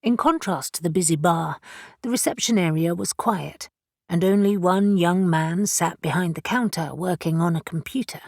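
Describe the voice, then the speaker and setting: A woman narrating a fantasy audiobook in a measured, even way. Her voice is low and husky, and the recording is close and dry with no room sound. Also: no echo. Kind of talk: scripted narration.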